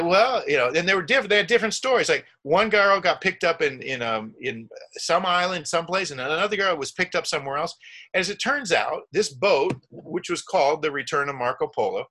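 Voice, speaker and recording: A middle-aged man with a fairly high, bright, forceful voice tells a long travel story casually. He rambles, restarting often and acting out quotes along the way.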